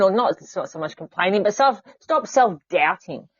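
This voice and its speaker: A woman with an Australian accent hosting a casual chat, animated and quick to laugh. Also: mid-range voice, slightly rough, dry recording, highs cut off. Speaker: podcast host.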